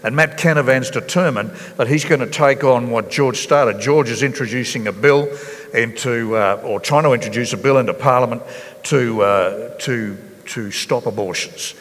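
A man preaching a sermon as pastor, earnest and halting, with many fillers and restarts. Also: mid-range voice, a bit bright, in a large hall. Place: church hall.

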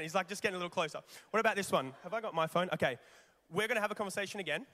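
A man preaching a sermon, animated and conversational, putting rhetorical questions to his congregation. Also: high voice, racing. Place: large church hall. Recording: long reverb of a large hall.

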